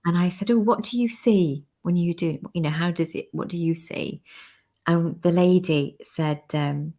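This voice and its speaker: A woman's voice: on the low side, moderate pace, warm tone. A woman hosting a casual interview on a video call, telling anecdotes in a chatty way and acting out what people said. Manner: chatty storyteller, laughs, acts out quoted people. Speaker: interview host.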